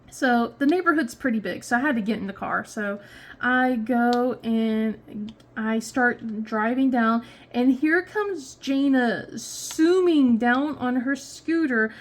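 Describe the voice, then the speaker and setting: A woman in her thirties chatting casually as a crafting vlogger, telling a rambling story full of fillers and restarts. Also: a little high. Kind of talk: casual chat while crafting.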